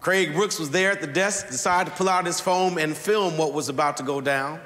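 A man's voice: on the high side, background noise. Storytelling preacher man in a reverberant church. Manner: storytelling preacher with slow, deliberate emphasis. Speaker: pastor. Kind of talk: sermon. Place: church sanctuary. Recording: long reverb of a large church hall.

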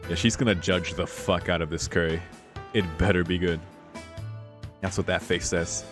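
A low-voiced man reads a visual novel out loud and keeps stopping to swear and laugh at what happens. Background music plays steadily behind his voice. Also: fairly even intonation, normal speed. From United States. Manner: reads the text then breaks off into swearing, laughing commentary. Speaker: visual novel let's player. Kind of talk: reading a visual novel aloud with reactions.

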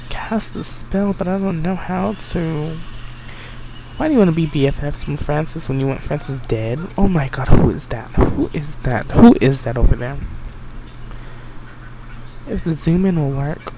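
A man giving excitable, chatty let's play commentary, bossing his game characters around. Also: fairly high pitch, normal speed, vocal fry. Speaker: game streamer. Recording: noisy home recording.

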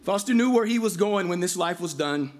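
A man's voice: high-pitched, a little fast. A man, a pastor, giving a heartfelt storytelling eulogy at a memorial. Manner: heartfelt, storytelling, breaks into lively voiced quotes.

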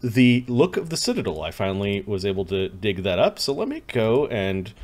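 A man's voice: on the low side, very animated, normal speed, darkish tone. A man narrating a tabletop game as game master, rambling with many fillers and restarts.

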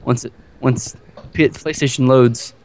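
A man's voice: medium pitch, steady tone, a little slow. A man co-hosting a gaming video, swearing and teasing his teammate in casual banter over a headset. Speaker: gaming channel co-host.

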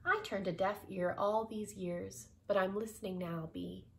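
A woman reading aloud, voicing a brisk, bossy old lady who talks in firm, emphatic proverbs. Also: mid-range voice, fairly even intonation, vocal fry. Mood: earnest.

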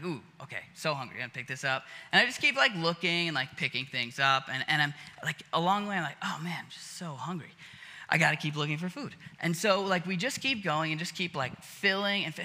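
A man's voice: on the high side, pushed and bright. A man preaching a casual sermon as a pastor, talking conversationally with lots of fillers and acting out little scenes. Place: church auditorium. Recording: long hall reverb.

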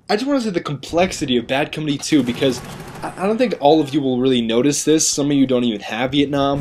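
A man's voice: mid-range voice, a little mellow, a little hiss or hum. Rambling man narrating gameplay. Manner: rambling, self-mocking, chatty. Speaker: gaming commentator. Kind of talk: video game commentary voice-over.

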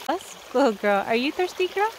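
A woman's voice: high-pitched, very animated, normal speed, slight background noise. A woman vlogging outdoors on a trail ride by a creek, talking playfully and cooing to her animals. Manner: cooing, playful talk to animals, frequent laughs. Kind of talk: casual vlog narration.

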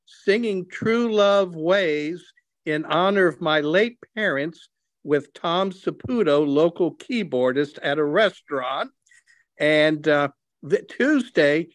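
A man speaking slowly on a video call, hesitant and halting. His voice is a little high for a man. The sound is dry and close, with no room echo. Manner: hesitant, many ums. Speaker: workshop participant. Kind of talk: casual show-and-tell.

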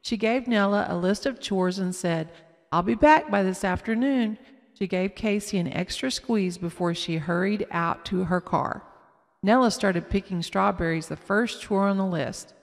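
A woman reading a children's story aloud slowly and carefully, with small slips. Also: medium pitch, creaky. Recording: long echoing reverb.

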